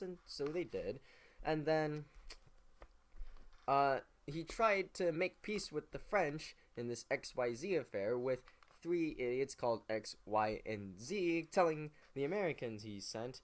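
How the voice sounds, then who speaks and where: A man's voice: medium pitch, animated, unhurried. A man giving a rambling, profane, jokey casual recap of history, losing his place now and then. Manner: rambling, profane, jokey, slips into mock voices. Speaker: comedic history narrator.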